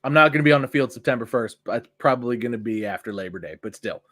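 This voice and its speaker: A man co-hosting a casual podcast, talking in a rambling, animated way with frequent restarts. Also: mid-range voice, very fast. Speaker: podcast co-host; youth sports coach. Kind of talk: casual chat.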